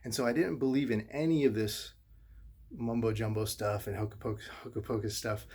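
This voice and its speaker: A middle-aged man, a father, telling viewers a painful personal story in a halting, earnest way, often repeating himself. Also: medium pitch, fairly even intonation, a little mellow, breathy edge. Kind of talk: emotional personal monologue to viewers.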